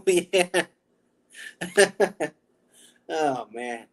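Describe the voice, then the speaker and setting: A man's voice: high-pitched, animated, very slow, pauses often, low-quality recording. A man hosting his own channel, chatting casually, rambling, laughing often and joking about himself. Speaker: vlog host. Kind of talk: casual chat.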